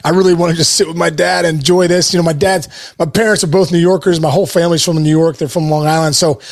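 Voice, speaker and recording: Enthusiastic rambling man, slightly high voice. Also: steady tone, quick pace, gravelly. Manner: rambling, many restarts and "you know" fillers; enthusiastic, emotional. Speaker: interview guest, baseball hitting coach. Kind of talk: casual interview.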